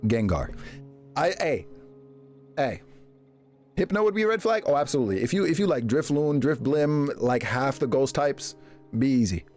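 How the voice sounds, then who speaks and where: A man streaming live, chatting casually with his viewers and reacting to them in a jokey, animated way. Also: moderate pace, pauses often, soft background music. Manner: animated, jokey, reacting to chat with big pitch jumps and laughs.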